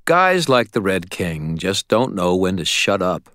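A man narrating a first-person audiobook in a steady, dramatic way, recorded close on a studio mic. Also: low voice, a little slow, dry recording.

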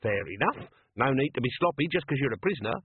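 A man's voice: medium pitch, expressive, fast, husky, no room sound. Man doing a nervous rambling old sergeant. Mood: anxious. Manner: anxious, rambling, common-sounding. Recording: dry, tinny phone-like sound.

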